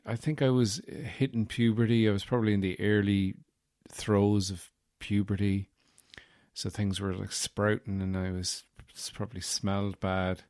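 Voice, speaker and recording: Guy rambling on his own podcast, lowish voice, dry close sound. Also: a little mellow, dry recording. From Ireland. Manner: rambling, jokey, swears casually. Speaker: podcast host. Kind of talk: casual solo podcast chat.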